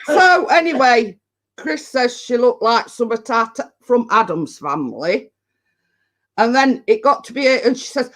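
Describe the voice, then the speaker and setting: A woman hosts a casual chat from home. She tells rambling stories at an unhurried pace and laughs often. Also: on the high side, lively intonation. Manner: rambling anecdotal storytelling with frequent laughter. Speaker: host of a live chat stream. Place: at home indoors.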